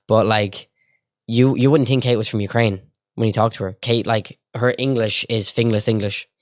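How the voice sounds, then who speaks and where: A young man with a Dublin accent, chatting as a podcast guest in a quick, easygoing way with lots of fillers. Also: on the low side, steady tone, no room sound, studio quality. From Ireland. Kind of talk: casual interview chat.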